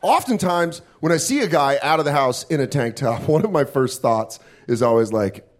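A man doing a stand-up comedy set on a club stage, profane and self-mocking, slipping into quick put-on voices. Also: mid-range voice, expressive.

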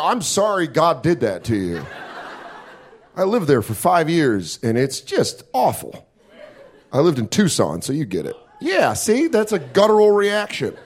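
A man performs stand-up on a club stage, his voice sitting a little high and swinging all over in pitch. He is profane and self-mocking and keeps dropping into quick put-on voices. A faint room hum lies under him. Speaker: stand-up comedian. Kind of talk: stand-up comedy set. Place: comedy club stage with live audience.

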